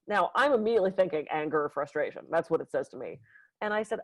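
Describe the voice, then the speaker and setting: A woman massage therapist co-hosting a podcast, telling client stories in a casual, animated way and acting out the quotes. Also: quick pace, dry recording, rough recording. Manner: animated, acts out quotes with big pitch jumps, laughs often. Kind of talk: casual storytelling.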